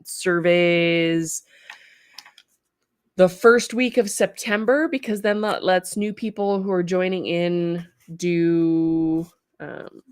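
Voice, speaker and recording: A woman with a Canadian accent, hosting a casual livestream, bubbly and quick to laugh as she chats with viewers. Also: fairly low pitch, clean tone, no echo, studio quality. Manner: bubbly, reads chat comments aloud and laughs often. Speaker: livestream host, studio owner.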